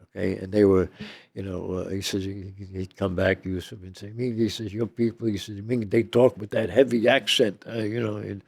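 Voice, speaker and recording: This is an older man with a rough, gravelly voice that sits a little low. He tells his story in a loose, rambling way, leaning on "you know" and "okay?" as an interview guest. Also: little pitch movement, moderate pace, darkish tone.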